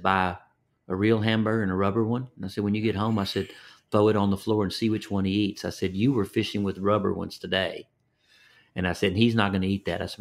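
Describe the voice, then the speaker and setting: An older Texan man, a fishing guide, tells folksy stories in a low, unhurried voice. He repeats words as he goes and acts out the voices of the people in his stories. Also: vocal fry. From Texas. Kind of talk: storytelling interview.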